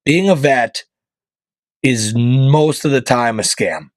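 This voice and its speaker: A man's voice: slow, dry recording, rough recording. Ranting male podcast host, dry sound. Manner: opinionated, emphatic, jumps between loud punchlines and low mutters. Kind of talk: comedic monologue rant.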